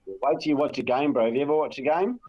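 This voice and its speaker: A man's voice: medium pitch, fast talker, a crowd in the background. An Australian man chatting casually on a podcast, blunt and fond of swearing. His audio comes through dull and lo-fi. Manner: blunt, profane storytelling. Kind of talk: casual chat.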